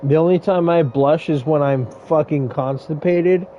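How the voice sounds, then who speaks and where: A man's voice: fairly high pitch, unhurried, muffled recording, slight background noise. A man casually commenting on a game he plays, rambling into crude, joking stories. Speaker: gaming streamer. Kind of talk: casual let's-play commentary.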